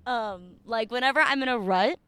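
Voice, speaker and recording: Laughy woman cohost, kinda high voice, dry close sound. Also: normal speed, pushed and bright, clean tone, no echo. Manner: giggly, laughs often, easygoing. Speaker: podcast co-host. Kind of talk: casual chat.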